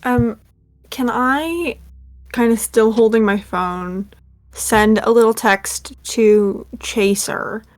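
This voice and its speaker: A woman's voice: a little high, slow, faint music behind. A woman player in a tabletop game, talking casually with lots of hesitations and the odd swear. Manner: chatty, hesitant, full of fillers, swears casually.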